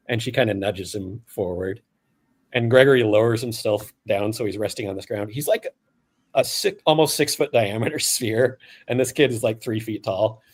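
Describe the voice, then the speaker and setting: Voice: mid-range voice, normal speed, a little mellow. A game master narrating a live-play tabletop game casually, with fillers and frequent laughs.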